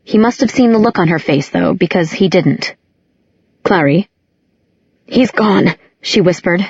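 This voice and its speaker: A woman's voice: lowish voice, normal speed, creaky, darkish tone, breathy edge, dry recording, lo-fi sound. A woman narrating an audiobook, reading every character herself with small changes of voice. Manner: reads all characters with small voice shifts. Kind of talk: scripted narration.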